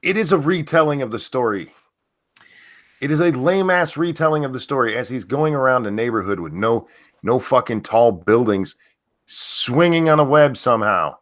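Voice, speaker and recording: A man's voice: mid-range voice, animated, moderate pace, fairly bright tone, no room sound, studio quality. A man co-hosting a casual live stream who rants bluntly and swears freely. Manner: blunt, profane ranting. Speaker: co-host.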